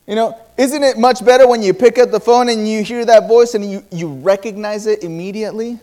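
A man preaching a sermon, telling personal stories with quoted dialogue and halting restarts. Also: sits high, fairly even intonation, warm tone.

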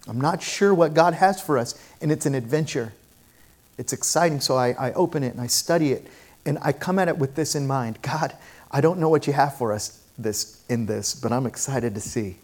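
Pastor, male, slightly higher voice, conversational sermon that swells into loud emphatic preaching. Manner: builds from quiet reflection to loud emphatic preaching; conversational, with restarts and rhetorical questions.

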